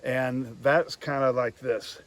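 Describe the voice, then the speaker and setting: A man giving a hands-on lesson on goose calling, speaking plainly and pausing to demonstrate calls. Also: mid-range voice, steady tone, heavy background noise. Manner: plain-spoken, demonstrates calls between explanations. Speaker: goose call instructor.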